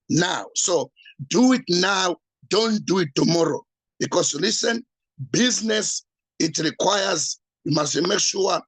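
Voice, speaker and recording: Man, pastor, urgent repetitive pitch, fairly high voice, dry sound. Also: a bit bright, dry recording, poor audio. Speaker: pastor promoting a business. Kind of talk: motivational sales pitch.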